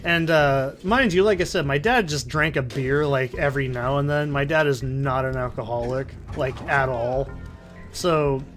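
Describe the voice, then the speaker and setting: A man's voice: medium pitch, moderate pace, a bit bright, faint music behind. A man casually commentating a video game, telling a long story with a lot of swearing and digressions. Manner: rambling, profane, self-interrupting. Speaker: let's play commentator. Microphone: desk condenser mic in a soundproofed corner.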